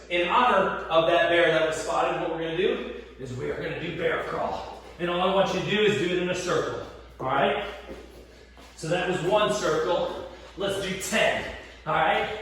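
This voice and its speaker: A man's voice: fairly high pitch, a bit bright. A man teaching as a PE teacher, hyping workout reps with whoops and counting, sweaty and winded during the exercises. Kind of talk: energetic home workout instruction. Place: hot home garage. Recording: echoey garage from far off.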